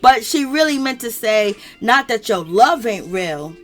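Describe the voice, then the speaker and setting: A woman's voice: a little high, unhurried, soft background music. A woman casually recapping reality TV drama in a chatty, laughing way, acting out what others said. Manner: chatty, laughing, quotes people in animated voices. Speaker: commentary channel host.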